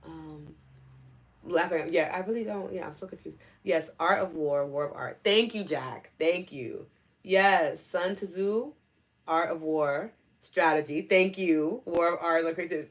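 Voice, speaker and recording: Woman, thirties, from New York City, live stream host, animated, laughs often, low voice. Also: unhurried. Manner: animated, laughs often, talks to her audience directly. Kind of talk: live stream chat reading viewer comments.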